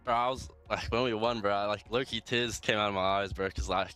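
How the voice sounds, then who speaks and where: Low-voiced emotional young pro player man. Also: steady tone, fairly quick, sharp tone, clean tone, faint music behind. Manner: emotional, rambling, filler-heavy. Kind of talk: casual post-match interview.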